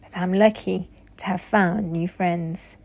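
A woman's voice: on the high side, unhurried, clear, resonant tone, lightly acted. A woman voicing a timid, polite orphan boy who answers meekly. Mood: quiet. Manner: meek and polite. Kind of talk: storybook reading.

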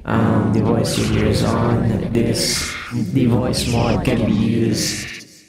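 Hive mind voice filter, super slow and gravelly, roomy echo. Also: medium pitch, completely flat delivery, pitched below the performer's own voice. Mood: flat. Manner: explaining the app while testing it. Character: hive mind voice of many layered speakers. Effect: voice changer filter. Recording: echoey with loud music behind.

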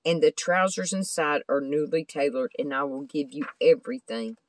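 A woman's voice: low voice, normal speed, no echo, natural voice. Earnest young guy pleading at a door, a lady reading him out, close dry mic. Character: weary, kind-hearted young man traveling home.

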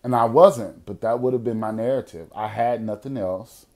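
A young adult man hosting a podcast, telling a personal story in a casual, profane way, at times lively and at times quiet and serious. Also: fairly low pitch, moderate pace. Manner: profane, animated storyteller who drops to quiet, serious tones. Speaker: podcast host.

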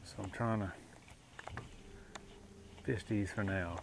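Folksy man with a gravelly voice. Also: sits low, steady tone, takes it slowly. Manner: folksy, talks to camera, drops to whispers. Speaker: fishing vlogger. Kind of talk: casual fishing vlog. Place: outdoors at a lake by boat. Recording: noisy outdoor camera audio.

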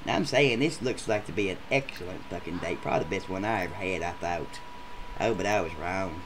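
With a low voice, a man speaks a little fast over background noise as a crude, rowdy adult male gameshow contestant in a comedic machinima. Ranting, he rambles his way through a profane story.

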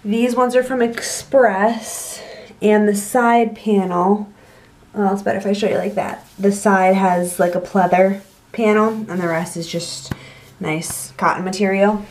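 A woman's voice: mid-range voice, fairly even intonation, unhurried, a little mellow. A young American woman chatting casually to camera from her bedroom at night, rambling and easygoing. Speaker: vlogger.

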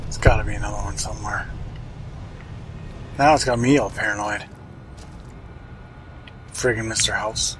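A man's voice: lowish voice, steady tone, moderate pace, pauses often, noisy background. A man casually commenting on his own gameplay, wry and chatty, muttering to himself and swearing now and then. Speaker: let's play host.

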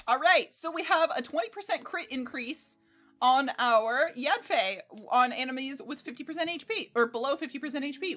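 A young American woman streaming a game in casual chat, excitable, swearing freely and laughing often. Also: high-pitched. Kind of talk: casual livestream gameplay chat. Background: faint game music.

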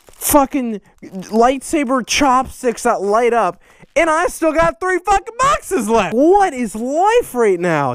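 Young male vlogger, high bouncy voice, clear and dry, excitable, profane, quick to shout. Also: dry recording. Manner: excitable, swears a lot, bursts into shouting. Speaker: vlogger opening fan mail. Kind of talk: casual profane vlog chat.

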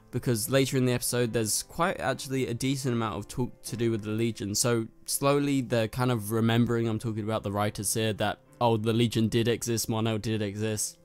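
A man's voice: medium pitch, a little mellow, clean tone. Chatty man with a London accent. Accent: London English. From North London, England. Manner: chatty, rambling, frequent fillers. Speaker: TV review host. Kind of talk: casual spoken TV review.

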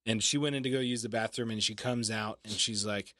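A man's voice: medium pitch, fast talker, few pauses, pushed and bright, dry recording. Guy on a podcast, swears a lot, super blunt, dry close sound. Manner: blunt, profane and confrontational. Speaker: podcast co-host. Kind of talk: casual chat.

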